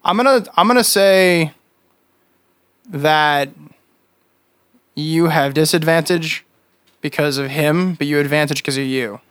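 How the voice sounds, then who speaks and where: A man's voice: on the high side, a little slow, pauses often, clear, resonant tone, no room sound. A man with a slightly raised voice runs a tabletop game, making calls as he goes and laughing along with his players. His voice is recorded dry and close, with no room around it. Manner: relaxed, laughs often, rules on the fly. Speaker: game master.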